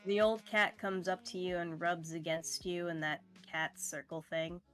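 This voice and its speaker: A woman's voice: fairly low pitch, level tone, normal speed, over music. A woman narrating as game master of a tabletop game, meandering with frequent fillers and easy laughter.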